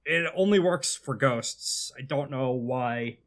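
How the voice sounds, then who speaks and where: A man's voice: medium pitch, slow pace, background noise, pitched below the performer's own voice, lightly acted. A man voicing an odd, crude male ghost who bargains offhandedly for help. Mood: deadpan.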